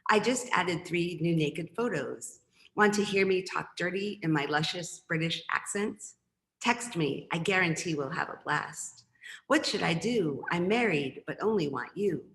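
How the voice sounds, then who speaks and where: A woman's voice: on the low side, a little slow, a bit bright, echoey room. A woman poet reading her poems, with chatty, rambling asides between them. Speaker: poet and professor. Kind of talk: poetry reading with casual asides.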